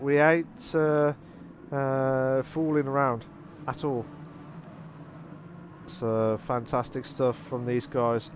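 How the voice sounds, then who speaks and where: A man commenting live on a sim race, excitable and repeating phrases, breaking into shouts. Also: a little high, slight background noise.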